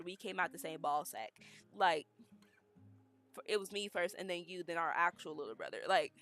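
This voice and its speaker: A young woman streaming and telling a story in a casual, animated, emphatic way. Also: medium pitch, normal speed, dry recording. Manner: animated, emphatic, dramatic retelling.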